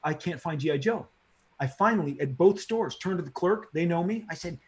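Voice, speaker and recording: A middle-aged comic book creator telling stories in a casual interview, excitable, slangy and repeating himself as he gets fired up. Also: on the high side, brisk.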